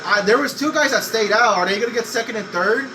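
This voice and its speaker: High-voiced excitable young man gaming. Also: fast talker, background noise. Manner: excitable, swearing, yells at the game. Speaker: racing game streamer. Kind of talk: gameplay commentary.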